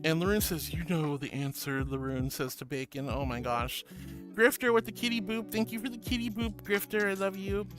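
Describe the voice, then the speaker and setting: A woman's voice: fairly low pitch, steady tone, normal speed. A woman streaming and reading her chat aloud, bubbly and sweet, calling viewers sweetie. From Florida. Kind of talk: casual chat. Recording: music playing behind.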